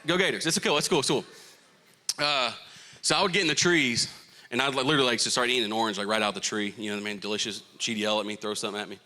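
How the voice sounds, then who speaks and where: A young Southern American man preaching a youth sermon with a bright, forceful voice. He jokes with the crowd and jumps high in pitch when teasing, then settles back into his point. He is from Florida and calls people y'all. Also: rapid-fire. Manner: animated, joking, playful asides to the crowd. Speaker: youth pastor.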